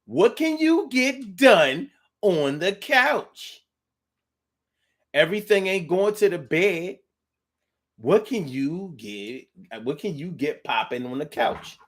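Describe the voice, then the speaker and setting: Slow-talking man, playful and drawling. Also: high-pitched, sing-song, a bit bright. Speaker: host reading listener comments. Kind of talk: casual talk show monologue.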